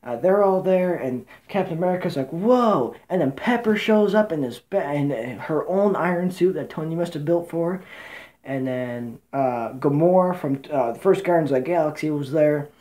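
A woman giving a casual, rambling movie recap, excitable and swearing, with many fillers and restarts. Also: sits low, normal speed. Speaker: movie reviewer.

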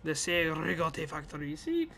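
A man's voice: a little high, very animated, normal speed, vocal fry, a bit bright. A young man giving live commentary over his own gameplay, hyped, swearing and poking fun at himself. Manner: hyped, swearing, self-mocking banter. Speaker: gaming YouTuber. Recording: gunfire noise behind. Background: game gunfire and explosions.

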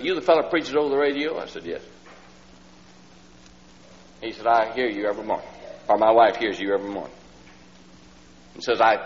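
A man preaching a sermon, telling a story in a folksy way and acting out the voices of the people in it. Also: on the low side. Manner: folksy storyteller who acts out the people in his story, rising to loud pleading. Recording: old LP sermon with hall reverb, dull lo-fi sound and faint hum.

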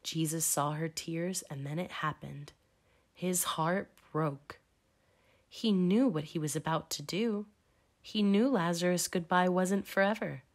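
Woman, children's story read-aloud, low voice, expressive, emphatic. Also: measured pace.

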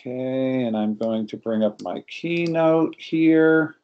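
A man's voice: mid-range voice, slow, lo-fi sound. A middle-aged storyteller tells a family tale in an easy, anecdotal way. He speaks to a group over a video call, as he would to a live audience. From New York.

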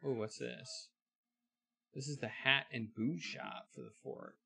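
Slow, gravelly man streaming a game. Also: medium pitch, fairly even intonation, noisy background. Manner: wry, reads game text aloud and remarks on it. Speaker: streamer playing a video game. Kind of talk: live let's-play commentary.

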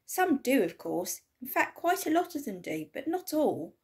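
A woman voicing a gentle, patient father reassuring an old relative. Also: sits high, very animated, moderate pace, voice pushed up.

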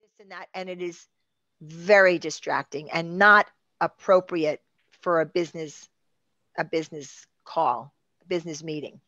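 A woman producer, a guest on a video-call talk show, chatting in a lively, conversational way. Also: fairly low pitch, normal speed, no room sound, highs cut off. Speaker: executive producer.

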